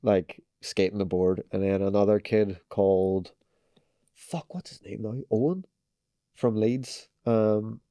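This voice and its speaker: A man's voice: on the low side, slow pace, mellow, no echo, clean studio sound. A young man with a Northern Irish accent, a podcast guest telling rambling stories full of fillers and swearing. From Northern Ireland. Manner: rambling storytelling full of "like" and swearing, acting out quotes. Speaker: podcast guest, pro skateboarder. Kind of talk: casual chat.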